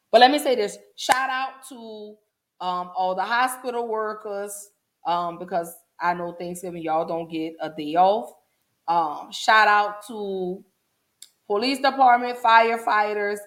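A woman hosting a casual solo podcast, chatting folksily with her listeners. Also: medium pitch. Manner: chatty, folksy, addresses listeners as y'all and baby. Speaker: podcast host.

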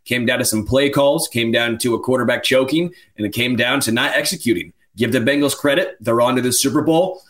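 A man's voice: mid-range voice, brisk, hardly any pauses, fairly bright tone. A man co-hosting a sports podcast, giving blunt verdicts in short clipped sentences. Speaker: podcast co-host.

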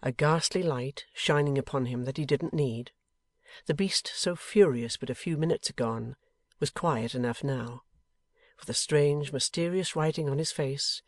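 A man reading a classic novel aloud as an audiobook narrator, in a measured, dramatic way. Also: a little high, no room sound, clean studio sound. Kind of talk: scripted narration.

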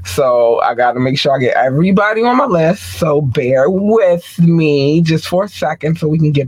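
A man hosting a podcast, giving playful, slangy, chatty shout-outs to his listeners. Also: fairly high pitch, expressive, moderate pace, few pauses, breathy edge, no room sound, rough recording. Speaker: podcast host. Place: room with several screens.

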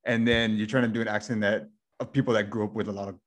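A man's voice: on the low side, level tone, fast talker. A man co-hosting a casual podcast, talking through opinions with lots of hedging and steering the chat. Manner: thoughtful, hedging with "like", steers topic back. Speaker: podcast co-host.

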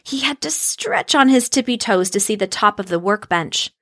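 Expressive woman reading a storybook aloud. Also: medium pitch, moderate pace, dry recording, studio quality. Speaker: narrator.

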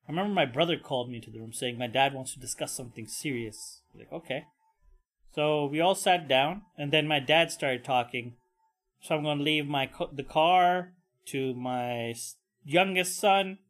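A man's voice: normal speed, fairly bright tone. A man hosting a casual solo podcast, with a nasal voice, rambling and swearing as he jumps between topics. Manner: bursts into high mock voices for quotes. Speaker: podcast host.

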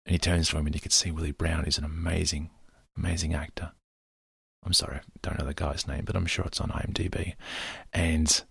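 Low, raspy man; loose, meandering storyteller, gravelly edge. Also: fairly even intonation, fairly quick, a bit bright, no room sound, clean studio sound. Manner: rambling, loose storytelling with many fillers. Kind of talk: casual retelling of a film scene.

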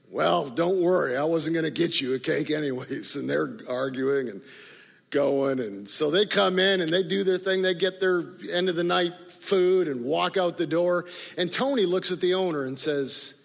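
A male pastor telling a story in a sermon, animated in the story and quiet and low in the prayer. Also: moderate pace, vocal fry. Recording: long reverb of a large hall.

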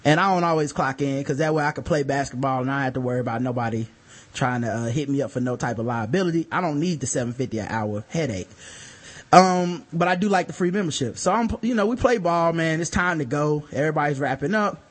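Male podcast co-host, high voice, lively casual storyteller, laughs and cusses. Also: quick pace. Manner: animated storyteller, laughs often, swears freely.

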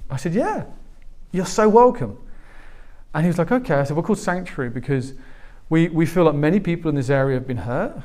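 A man's voice: on the high side, brisk. A man in his forties preaching a sermon as pastor, telling stories and acting out the people in them. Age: 40s. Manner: animated storytelling, acting out quoted voices.

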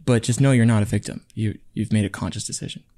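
A man's voice: on the low side, fast, mellow. A man who co-hosts a podcast and works as a psychotherapist, chatting casually and teasing his co-host with frequent laughs. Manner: playful teasing, laughs often. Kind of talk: casual chat.

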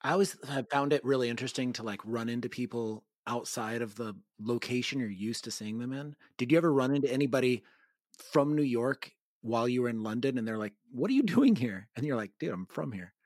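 A man's voice: mid-range voice, steady tone, quick pace, dry recording, studio quality. A man hosting a podcast, asking questions in a casual, chatty way. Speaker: podcast host. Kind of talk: casual interview chat.

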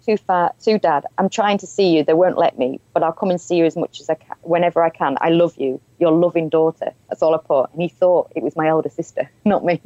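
A woman's voice: low voice, fairly quick, hardly any pauses, dark tone, no echo, lo-fi sound. A woman telling her own story as an interview guest, candid and frank, often breaking into laughter. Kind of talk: personal storytelling in conversation.

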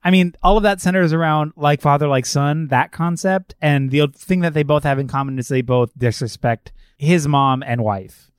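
A young man in a casual film review chat, with a voice that sits a little high for a man. He rants in a sarcastic, profane way and keeps restarting his sentences. The recording is close and dry. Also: moderate pace, clean tone, dry recording.

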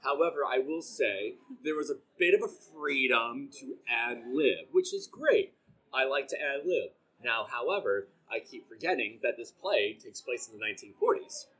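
A man co-hosting a casual chat, talking quickly and self-deprecatingly while telling funny stories. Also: mid-range voice, lively intonation, a bit bright, breathy edge, low-quality recording. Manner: self-deprecating, quick and chatty, many "like" fillers. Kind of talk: casual conversation.

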